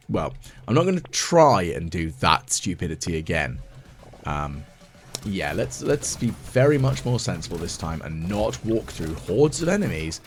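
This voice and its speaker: A man giving chatty ASMR gaming commentary as a let's play host, thinking aloud and mocking his own mistakes. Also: deep voice. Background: game music.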